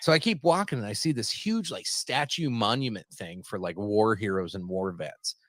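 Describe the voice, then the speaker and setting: A man's voice: lowish voice, lively intonation, normal speed, fairly bright tone, no room sound. Profane rambling storyteller man. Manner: rambling, profane, laughs at his own stories. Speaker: podcast host. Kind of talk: casual storytelling.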